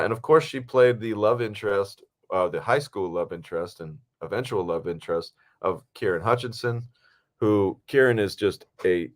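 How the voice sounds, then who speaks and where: A man with a fairly low voice talks through a movie in relaxed, rambling podcast chat. He circles his points with lots of fillers and restarts, easygoing and unhurried. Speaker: podcast co-host and actor. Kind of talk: casual film podcast chat.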